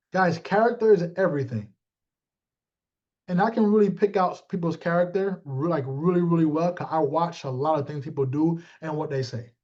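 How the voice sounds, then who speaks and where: A man giving a motivational talk to his team, animated and streetwise, calling out listeners by name. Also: high-pitched, lo-fi sound. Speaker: team leader.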